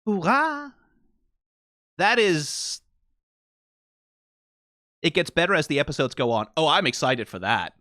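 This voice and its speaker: A young man from Denmark talks with a Danish accent, casually explaining language quirks to his stream chat. His voice is slightly high, bright and very animated, swooping up and down as he demonstrates sounds. The recording is close and dry, with no room echo. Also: a little slow, long pauses. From Denmark, south of Funen. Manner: explains language points with lively spoken demonstrations. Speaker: streamer reacting to an anime episode.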